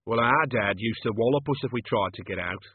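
A man reading aloud, voicing a haunted male thief who answers simply and quietly. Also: lowish voice, a little fast, breathy edge, no echo. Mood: brooding. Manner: flat, simple replies. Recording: phone-like lo-fi recording.

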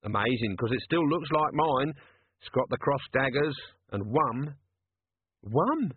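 A man's voice: mid-range voice, big pitch swings, measured pace, breathy edge, dry recording. A man voicing a cheeky, coarse, chatty watchman in an audiobook. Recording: tinny lo-fi dry recording.

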